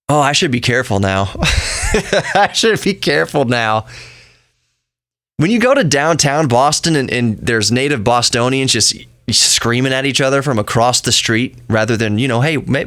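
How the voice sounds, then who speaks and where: A man's voice: medium pitch, fairly bright tone, no room sound. A man hosting a podcast, talking through his opinions in a rambling, chatty monologue full of asides. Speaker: podcast host.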